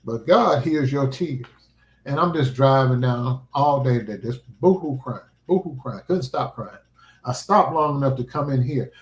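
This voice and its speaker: Man, earnest vlogger, emphatic and preachy, mid-pitched, roomy echo. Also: unhurried. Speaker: livestreaming vlogger. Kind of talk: casual heartfelt livestream talk.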